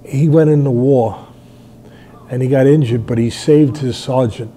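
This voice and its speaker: Gravel-edged older man retelling fights. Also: medium pitch, unhurried, a little hiss or hum. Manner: storytelling, acts out shouted quotes, rambling. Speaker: boxing trainer and show host. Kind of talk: animated fight analysis chat.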